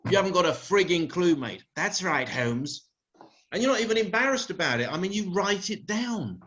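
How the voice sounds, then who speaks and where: A man acting out a rude, boastful detective with a British accent, in a slightly high voice. He talks in a brash, crude way. The live recording sounds dull and lo-fi. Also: animated, moderate pace, fairly bright tone. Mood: scornful. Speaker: sketch performer. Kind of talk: live comedy sketch.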